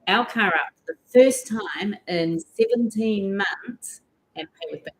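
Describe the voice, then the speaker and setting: A woman's voice: medium pitch, unhurried, rough recording. A middle-aged woman co-hosts a vlog and recounts her outings with eager enthusiasm. Her voice sits in the middle range, and she talks in a chatty, flowing way with the odd um. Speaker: vlog co-host. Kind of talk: casual chat.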